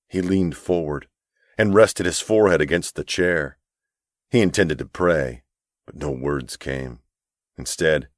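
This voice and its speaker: This is scripted audiobook narration by a low-voiced man who tells the story in a measured, even way. The studio recording is dry and clean.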